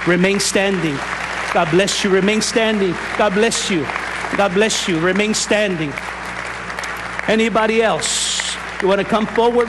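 High-voiced man pleading an altar call. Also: noisy background. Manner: pleading, repetitive urging. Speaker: pastor. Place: church with congregation.

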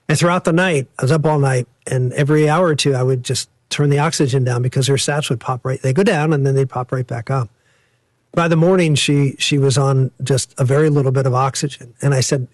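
A man's voice: mid-range voice, fairly even intonation, fairly quick, no room sound. A man recounting a personal story as an interview guest, emphatic and conversational.

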